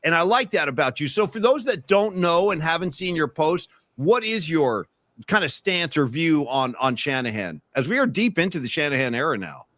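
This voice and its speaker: Man, sports podcast host, animated pitch, bright tone, casual banter. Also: normal speed, no room sound. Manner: lively, animated, jokey.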